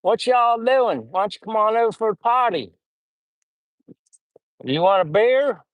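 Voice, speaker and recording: Brief: man doing a high-pitched Southern country host, thick drawl, folksy, clean dry recording. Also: lively intonation, unhurried, no room sound, phone-quality sound. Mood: inviting. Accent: Southern US (put on).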